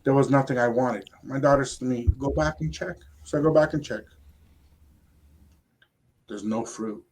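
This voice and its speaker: An older man and grandfather, a radio co-host, telling a rambling, animated story in casual chat. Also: mid-range voice, moderate pace, slight background noise. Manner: animated, rambling anecdote with quoted asides.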